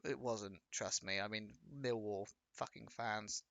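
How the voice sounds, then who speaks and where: Gravelly bright English man, rambling. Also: on the low side, steady tone, a little slow, dry recording. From Wiltshire, England. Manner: rambling, swears freely. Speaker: livestream host. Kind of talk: casual chat.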